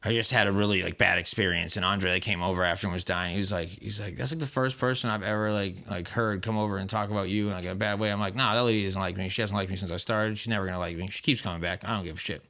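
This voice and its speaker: A man co-hosting a podcast, telling a workplace story in casual, profane, animated chat. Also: fairly low pitch. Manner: profane, animated retelling with quoted voices; fast, rambling with fillers. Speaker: podcast co-host.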